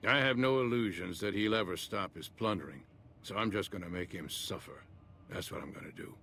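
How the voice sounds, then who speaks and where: A low-voiced, bitter frontier rancher, drawling and scornful. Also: male voice, fairly quick, bright, forceful tone, slight background noise. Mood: grim. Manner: folksy drawl, grumbling and blunt. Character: gruff old male rancher, bitter and vengeful. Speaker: game character.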